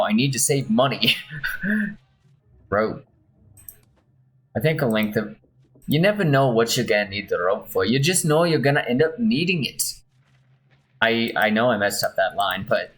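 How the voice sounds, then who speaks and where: A man streaming a role-playing game offers casual commentary, poking fun at himself as he reads game text aloud. His medium-pitched voice is animated, unhurried and a bit bright, with long pauses. The audio is poor, with faint game music behind.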